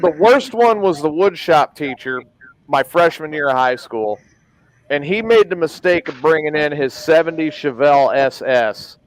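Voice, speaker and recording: High-voiced man telling rowdy stories. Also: animated, normal speed, no room sound, poor audio. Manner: profane, rambling storyteller who laughs at his own stories. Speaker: podcast host. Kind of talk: casual storytelling chat.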